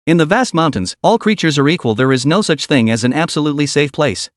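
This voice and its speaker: A man's voice: fairly high pitch, dry recording, studio quality. A man reading a story as narrator in a dramatic storytelling manner. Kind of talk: scripted narration.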